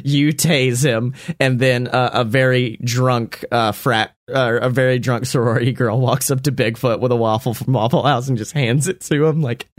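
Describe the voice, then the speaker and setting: A man narrates a tabletop game in a loose, rambling way, breaking into laughs as he goes. His voice is mid-pitched and sounds dry and close to the mic. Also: fairly even intonation, normal speed, hardly any pauses, dry recording. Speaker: game master.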